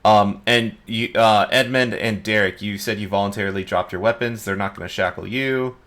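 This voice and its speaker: Deep-voiced male dungeon master. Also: normal speed. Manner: relaxed, filler-heavy narration. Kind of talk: narrating a tabletop game.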